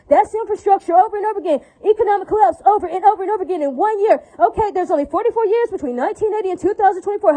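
A woman with a very high voice and a mellow, dark tone, ranting on and on in a monologue. She keeps cursing, circles back to the same points, and tags her statements with rhetorical questions. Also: poor audio. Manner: profane, repetitive, rhetorical tag questions.

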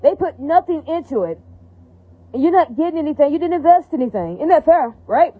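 Woman, rapid rambling profane rant, high voice, dry tinny recording. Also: expressive, no room sound. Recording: tinny phone-like audio, dry.

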